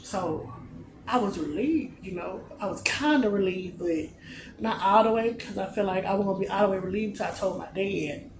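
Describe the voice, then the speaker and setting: Late-twenties male vlogger, casual personal storytelling, soft and low-key, in an echoey room with steady background noise. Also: normal speed, dull audio. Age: late 20s. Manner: relaxed, conversational, often drops to a soft, low-key delivery.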